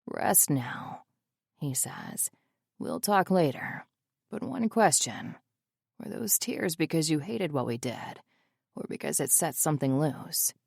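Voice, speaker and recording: A woman voicing a tender, protective adult man, speaking in a hushed, half-whispered way. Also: low voice, very animated, unhurried, vocal fry, husky, no room sound, studio quality, exaggerated voice.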